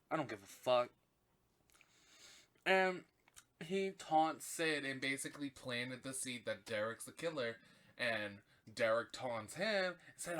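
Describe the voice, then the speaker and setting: Man, podcast host, casual film recap, heavy swearing, gushing and indignant, mid-pitched voice, rambling with fillers. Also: a bit bright. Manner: chatty with fillers and self-corrections.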